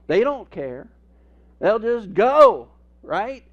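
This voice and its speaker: A male pastor delivers a sermon in a lively, humorous storytelling way. His voice sits a little high for a man. The recording is somewhat dull and lo-fi. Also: very slow.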